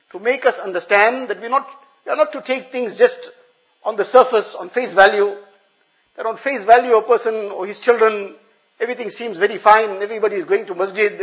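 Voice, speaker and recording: High-voiced man giving an earnest sermon. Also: a bit bright, dull audio. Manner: earnest, explanatory, repeats phrases for emphasis. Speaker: preacher.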